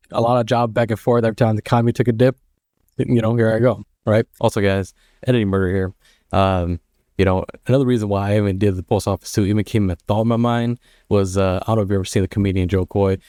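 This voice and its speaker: A man in his thirties with a dark, low voice gives casual advice, rambling and halting as he goes. The sound is dry and close. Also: no room sound. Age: 30s. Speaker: mail carrier and vlogger.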